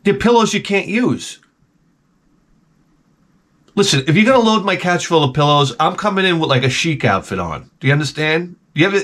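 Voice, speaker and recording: Animated man telling rambling stories. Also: a little high, moderate pace, long pauses. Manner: animated, jumps between impressions and asides. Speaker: channel host. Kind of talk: rambling comedic storytelling.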